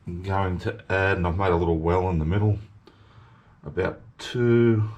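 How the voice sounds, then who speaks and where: A man hosting his home cooking channel, talking through each step in a relaxed, chatty way from his kitchen. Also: low-pitched, normal speed, muffled recording. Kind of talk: casual cooking demonstration.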